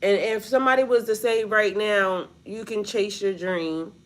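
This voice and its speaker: A blunt woman talks straight to her followers in a loose, casual spiritual reading. Her voice sits at an ordinary middle pitch, and she swears freely. She keeps leaning on "like" and calls her listeners "y'all". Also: normal speed. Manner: blunt and profane, heavy on the word "like". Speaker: spiritual reader.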